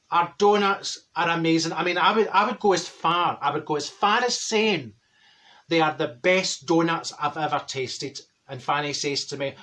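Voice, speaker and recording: A man's voice: fairly high pitch, sharp tone. A man playing a blunt, gossipy older woman from Glasgow, with a broad Glaswegian accent, telling a rambling comic story. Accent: Glaswegian Scottish. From Scotland. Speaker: comedy character. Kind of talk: character comedy monologue.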